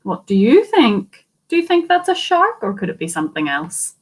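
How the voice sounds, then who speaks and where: A woman teacher reading a picture book aloud to children, animated and asking them questions. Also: fairly high pitch, moderate pace. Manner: animated, asks listeners questions. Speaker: primary school teacher.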